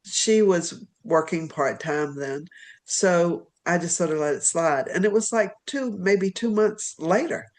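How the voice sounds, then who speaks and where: A woman from Virginia, a literary agent, telling stories as a podcast guest in an animated, rambling way. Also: lowish voice, a little slow. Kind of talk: storytelling in an interview.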